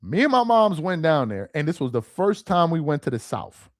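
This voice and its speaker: A man reads viewer chat on his casual live stream, his voice on the high side with a sing-song lilt at normal speed. He's animated, quick to laugh and prone to repeating himself. The studio-quality audio has no echo.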